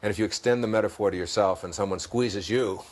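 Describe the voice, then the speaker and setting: Talking fast in a lowish, steady voice, a Detroit-accented man guests on an interview as a self-help author. He reflects and tells stories in a conversational way, often laughing as he goes.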